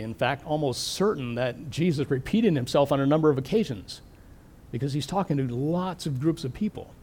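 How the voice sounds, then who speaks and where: A middle-aged man preaching a sermon, thoughtful and questioning, slowing down to stress key words. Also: on the high side, a little mellow. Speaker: pastor.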